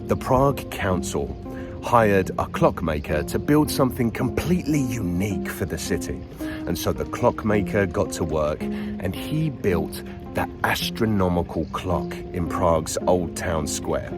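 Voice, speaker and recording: Deep-voiced man vlogging. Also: expressive, unhurried, over loud music. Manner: chatty, playful, enthusiastic storyteller. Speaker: book travel vlogger. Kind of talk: casual travel vlog narration. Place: outdoors in a quiet city street at dawn.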